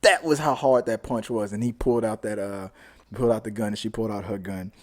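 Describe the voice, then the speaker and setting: A man hosting a casual TV episode recap, talking in an animated way, repeating himself and acting out scenes. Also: fairly low pitch, brisk. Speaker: show host, TV reviewer.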